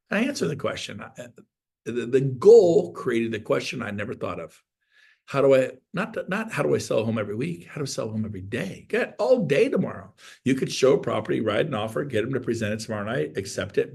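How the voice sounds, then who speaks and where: Emphatic motivational coach, male, fifties, mid-pitched voice, preachy delivery with repeated punchlines. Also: vocal fry, husky. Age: 50s. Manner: emphatic, preachy, with repetitions and acted-out quotes. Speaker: real estate coach. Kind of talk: motivational talk on a video call.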